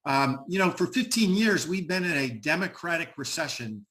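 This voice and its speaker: A man's voice: on the high side, lively intonation, moderate pace, a bit bright. A middle-aged American man speaking emphatically on an online panel, with frequent "uh" fillers and repeated words. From United States.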